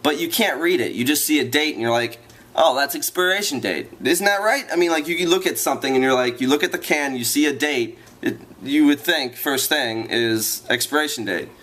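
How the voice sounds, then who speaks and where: A man's voice: a little high, a little fast, hardly any pauses, fairly bright tone. A man ranting to his viewers in a vlog, rambling and exasperated, repeating himself as he vents. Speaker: vlogger.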